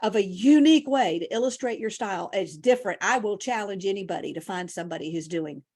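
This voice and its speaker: Fast and husky, her medium-pitched voice carries a lively, storytelling interview in which she shares her own experiences. She is a keynote speaker appearing as a guest, and she grows emotional at points.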